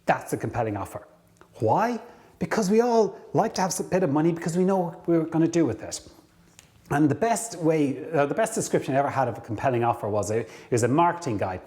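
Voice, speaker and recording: A man coaching viewers on career ideas, telling a story to camera, acting out bits of dialogue and slowing down to stress key points. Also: on the high side. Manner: lively storyteller, acts out dialogue.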